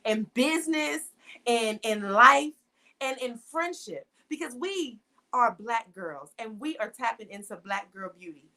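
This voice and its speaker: A woman's voice: a little high, animated, unhurried, bright, forceful tone. A woman hosting a live-streamed talk show, speaking emphatically and repeating her points, switching between casual and more formal ways of talking. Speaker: show host.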